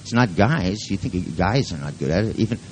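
A man leads a workshop in a low voice that rises and falls a lot, rambling off topic, cracking jokes and swearing freely. A faint noise sits behind him. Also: lively intonation, moderate pace, darkish tone, poor audio. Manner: rambling, joking, profane. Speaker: seminar leader. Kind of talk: live workshop talk.

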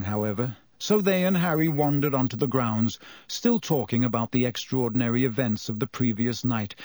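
A man narrating an audiobook with an expressive delivery. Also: mid-range voice, no room sound, clean studio sound. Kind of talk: audiobook reading.

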